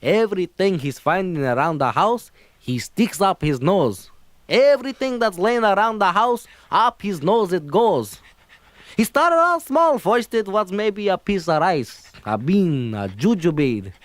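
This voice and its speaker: A fretful immigrant father with a thick Yiddish-inflected accent, pleading and exasperated in a high, swooping voice. He rambles on in a comedy album sketch. The sound is close and dry. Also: sing-song, unhurried, dry recording. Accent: Yiddish-inflected English.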